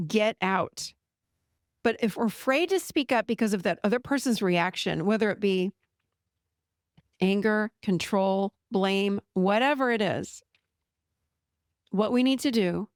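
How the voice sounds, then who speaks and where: A middle-aged woman talks straight to her listeners as a therapist and podcast host, her voice carrying a gravelly edge. She is direct and animated, acting out bits of stories as she goes. The sound is dry and close, with no room around it. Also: medium pitch, no echo. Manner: direct, animated storytelling, acts out client quotes. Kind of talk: casual podcast monologue.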